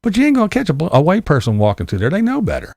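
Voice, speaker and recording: A man's voice: on the high side, huge pitch swings, racing, gravelly, darkish tone, dry recording, studio quality. A man giving an angry, profane political rant as a vlogger, sarcastic and full of mocking mimicry.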